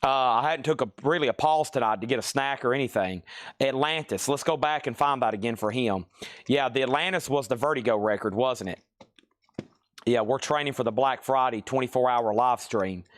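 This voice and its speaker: A man in his record store runs a live-stream sale, calling out titles and prices in a quick sales patter. His voice sits in a plain middle range and sounds tired and worn from hours of talking. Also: mid-range voice. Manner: rapid auction-style calling of items and prices, chatty asides.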